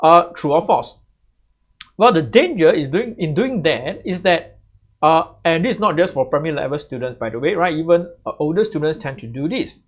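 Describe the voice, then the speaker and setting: An English tutor, male, walks through exam tips to camera at normal speed, his slightly high voice full of lively intonation. His chatty sentences are tagged with "right?", and the recording is slightly muffled and lo-fi.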